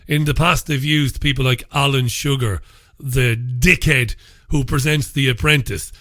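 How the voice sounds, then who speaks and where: A man's voice: mid-range voice, steady tone, measured pace, fairly bright tone, no room sound, studio quality. A man hosting a radio talk show, reviewing the papers alone in a blunt, sarcastic and mocking way, often laughing at his own stories. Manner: blunt and profane. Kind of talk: solo commentary reviewing newspapers.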